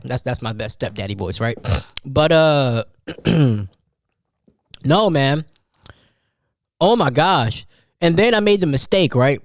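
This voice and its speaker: A man in his thirties hosting a casual solo podcast, telling a story in a rambling, animated way with many restarts. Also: medium pitch, takes it slowly, pauses often, no room sound, clean studio sound. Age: 30s. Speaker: podcast host.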